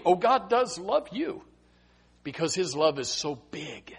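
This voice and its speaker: A man preaching a sermon, swinging from loud emphasis to hushed tones and often repeating phrases. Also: a little high, animated, moderate pace, breathy edge. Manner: repeats phrases and stammers restarts. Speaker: pastor.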